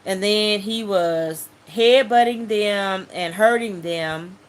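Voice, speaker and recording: Woman giving a spoken testimony, lively and vivid, playing out the voices in her story. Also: mid-range voice, slow. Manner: animated storytelling, acts out voices and sounds. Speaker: testimony speaker.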